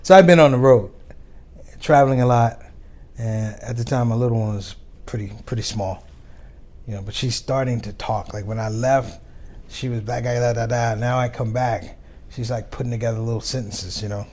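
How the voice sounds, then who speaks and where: A man's voice: mid-range voice, normal speed. A man, a comedian guest, telling stories in casual chat and acting out the voices of the people in them. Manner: animated storyteller, acts out dialogue. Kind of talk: storytelling chat.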